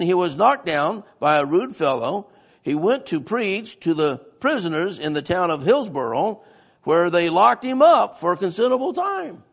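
Preacher guy in a church, kinda high voice, gravelly, quizzing the crowd. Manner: folksy, asks the congregation questions. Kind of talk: sermon-style history lesson.

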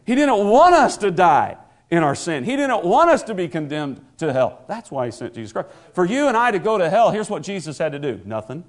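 A man preaches a sermon in a slightly high voice, stumbling through repeated words and restarts. He then builds into emphatic, ringing declarations. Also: sing-song, moderate pace.

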